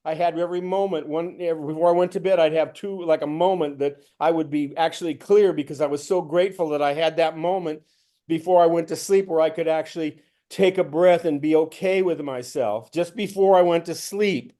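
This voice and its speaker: Male spiritual teacher, fairly high voice, storytelling talk that voices his own inner dialogue. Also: fairly even intonation, brisk, mellow.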